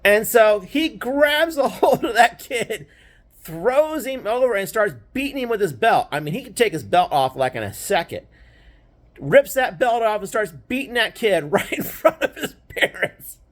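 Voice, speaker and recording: With a high, sing-song voice and an unhurried pace, a grandfatherly storyteller recalls his childhood in casual talk. The telling wanders, punctuated by "right?" check-ins and dry laughter over the darker moments.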